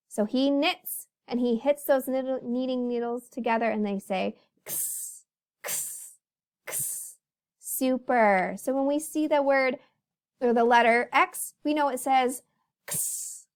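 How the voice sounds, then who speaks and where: A woman teacher with a high voice walks young children through a phonics lesson. She speaks slowly and in an animated storytelling way, addressing them as boys and girls.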